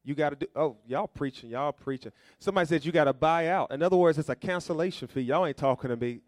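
A pastor delivers his sermon in a folksy, storytelling way. He keeps throwing questions out to the congregation for them to answer. His voice sits a little high for a man and sounds dry, with no room echo. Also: fast. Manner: call-and-response preaching, asking the congregation to fill in words.

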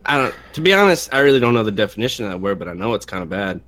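A giggly American man on a podcast, joking crudely in casual chat. His pitch jumps around a lot as he teases and laughs. The tone stays playful throughout. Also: very animated, rapid-fire, a bit bright. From United States. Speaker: podcast co-host.

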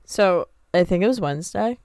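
A woman's voice: on the low side, expressive, normal speed, a little mellow, no echo. A woman co-hosting a podcast, dry and sarcastic, swearing casually in chat. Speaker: podcast co-host.

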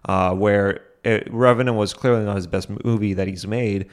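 A man's voice: fairly low pitch, steady tone, normal speed, clear, resonant tone. Rambling young man hosting a solo podcast. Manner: rambling, full of fillers and asides; self-deprecating, chuckles often. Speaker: podcast host.

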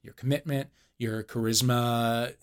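A man hosting a comedy podcast game show, playful, with quick asides and the odd swear. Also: mid-range voice, flat delivery, smooth.

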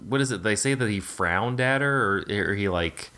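A man's voice: lowish voice, lively intonation, normal speed, bright, forceful tone, smooth. A man in casual film talk on a podcast, rambling with lots of fillers, restarts and swearing. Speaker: podcast co-host.

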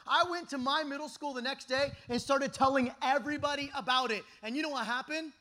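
High, bright-voiced impassioned young male preacher. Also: fast talker, few pauses. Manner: impassioned, often shouting, swings between loud and hushed. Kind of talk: youth camp sermon.

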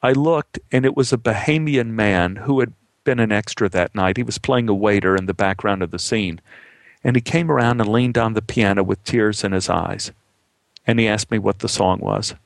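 Animated middle-aged male storyteller. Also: moderate pace, vocal fry, dry recording. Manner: animated, voice climbs high when the story gets tense. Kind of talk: comic personal storytelling.

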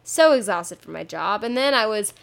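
This twenties podcast host talks alone on her show with a mid-range, expressive voice, some vocal fry, and a moderate pace. She keeps things frank and playful, frequently saying bleeps out loud instead of swearing.

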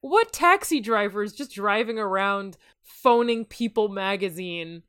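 Woman, podcast host, dry teasing humor, reads aloud, mid pitch, dry close sound. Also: expressive, measured pace, fairly bright tone, smooth, no echo. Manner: dry, teasing, reads passages then jokes. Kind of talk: casual comedic chat and reading aloud.

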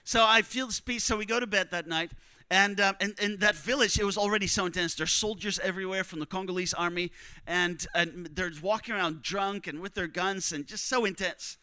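Bright-voiced guy preaching, high and smooth, tells stories, acts out quotes. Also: brisk, no echo. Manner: animated, conversational, acts out quotes. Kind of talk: sermon storytelling.

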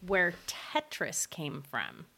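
A woman co-hosting a podcast who tells a story in relaxed, casual conversation. She often laughs in the middle of her sentences. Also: on the low side, takes it slowly, vocal fry. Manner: storytelling, laughs while telling. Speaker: podcast co-host. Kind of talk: casual chat.

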